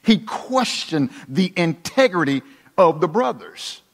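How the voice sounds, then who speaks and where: High-pitched preacher guy giving a sermon, gets quiet then builds up, big church reverb. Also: sing-song, slow pace, vocal fry. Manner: dramatic, dropping to hushed tones and rising for emphasis. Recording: long reverb of a large hall.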